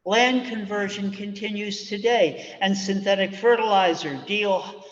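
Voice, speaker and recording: A male minister giving a measured, reflective sermon from the pulpit. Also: high-pitched, steady tone. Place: church sanctuary. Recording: dull recording with long church reverb.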